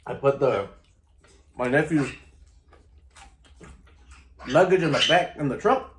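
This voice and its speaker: Laid-back vlogger man, lively voice. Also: medium pitch, takes it slowly, echoey room. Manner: laid-back, slangy, keeps saying "you know" and "vato". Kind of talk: casual storytelling to camera.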